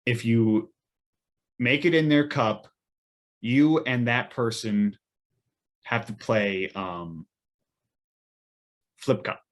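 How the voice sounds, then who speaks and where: A man's voice: mid-range voice, drawn-out words, pauses often. A young man, a podcast co-host, telling a rambling weekend story in casual chat with lots of fillers and restarts.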